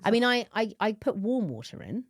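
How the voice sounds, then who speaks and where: A woman's voice: a little high, big pitch swings, fairly quick, no room sound, clean studio sound. A woman in her thirties hosting a podcast, telling a story in casual chat and swearing freely. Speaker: podcast host.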